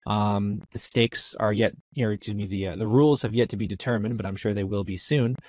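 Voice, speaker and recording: A man's voice: lowish voice, fairly even intonation, a little fast, darkish tone, no room sound, lightly acted. A man voicing a polite, apologetic royal advisor who explains things courteously and with some hesitation.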